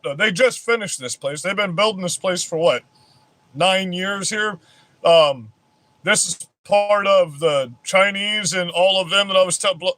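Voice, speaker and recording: A man's voice: on the high side, a bit bright. A man ranting on his vlog in a heated, rambling way, swearing constantly. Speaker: vlogger. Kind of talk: profane political rant.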